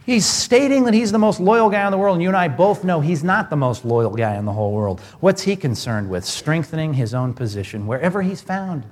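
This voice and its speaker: A man's voice: on the high side, animated, a little fast, few pauses. Man preaching in an echoing hall. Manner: conversational preaching with rhetorical questions. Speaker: pastor. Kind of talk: sermon.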